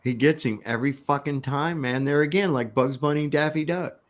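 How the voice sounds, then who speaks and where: A man's voice: fairly high pitch, brisk. Laid-back, profane livestream host man. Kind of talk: casual livestream chat.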